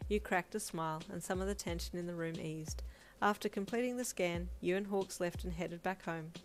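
A woman narrating a second-person fan-fiction story in a steady, plain reading voice. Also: fairly low pitch, normal speed.

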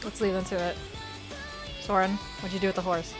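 A woman giving excitable, foul-mouthed commentary on a life-sim game, squealing and shouting at what happens. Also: medium pitch, a little fast, loud music behind the voice. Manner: excitable, swears a lot, squeals and shouts in bursts. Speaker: gamer.

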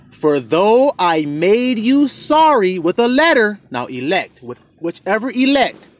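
A man preaching a sermon, reading scripture aloud and explaining it, emphatic and building to shouts. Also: high-pitched, no room sound. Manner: emphatic, rising to shouts, calls and responses to himself.

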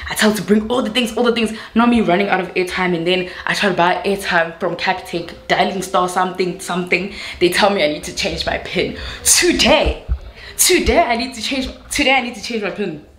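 A woman of 21 with a South African accent, Zulu her first language, telling an animated vlog story that switches into Zulu phrases. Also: mid-range voice, brisk, roomy sound. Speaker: YouTuber.

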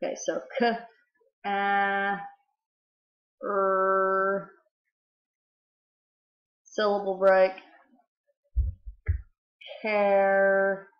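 A patient woman walks young children through a spelling lesson, sounding out each letter. She speaks at an unhurried pace. The recording is roomy and somewhat dull, like a simple home setup. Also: medium pitch, monotone. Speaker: teacher.

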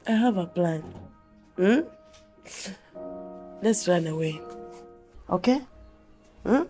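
A woman's voice: high-pitched, takes it slowly. An actress playing a wronged, grieving wife and mother in a short film, pleading and tender. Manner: pleading, tearful, soft and tender with child. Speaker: actor. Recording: faint music behind.

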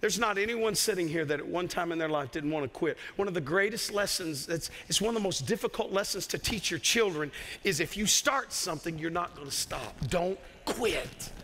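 A man's voice: sits high, expressive, a little fast, a bit bright, big-room sound, slight background noise. A man preaching a sermon as pastor, emphatic and repeating key phrases. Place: church sanctuary.

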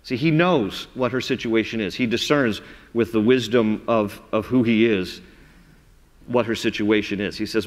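A man preaching a sermon as pastor, telling the story in an animated way and acting out the voices. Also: fairly low pitch, moderate pace. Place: large church sanctuary. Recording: reverberant church sanctuary.

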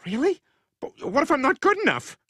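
Goofy dim cartoon dad, bright and bouncy. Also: male voice, very high-pitched, big pitch swings, a little fast, dry recording, clean studio sound, full character voice. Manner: goofy, rambling jokes. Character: dim, boastful middle-aged family man.

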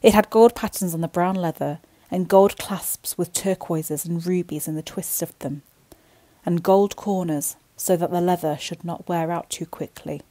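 A woman's voice: lowish voice, moderate pace. Woman reading a bedtime story. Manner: expressive, gentle.

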